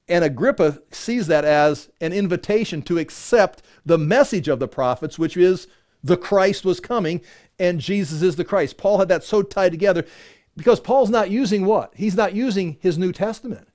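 A man's voice: high voice, moderate pace, darkish tone. A man teaching from scripture in a conversational way, reading passages and then explaining them in casual, self-correcting asides. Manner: chatty, self-correcting, many "you know"s.

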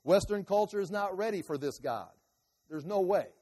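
A man preaching a sermon as a pastor, animated, swinging between loud outbursts and quiet asides. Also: sits high, normal speed, husky, long reverb tail.

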